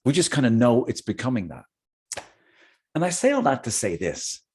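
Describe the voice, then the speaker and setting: A man's voice: mid-range voice, moderate pace, husky. A middle-aged man hosting a casual talk, telling a personal story with jokey asides. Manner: animated, jokey asides, chatty. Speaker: host.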